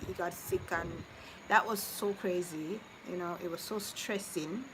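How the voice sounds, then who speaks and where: Woman streamer, mid-pitched, chatty and consoling, noisy background, live vlog. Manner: chatty, consoling then teasing, drifts between topics. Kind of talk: casual live-stream chat with viewers. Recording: noticeable background noise.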